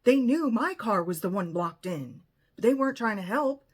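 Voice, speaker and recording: A woman's voice: mid-range voice, lively intonation, normal speed, breathy edge. A woman telling a personal story in an emphatic, indignant way and acting out what was said. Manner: emphatic, indignant retelling with acted-out quotes. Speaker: vlogger.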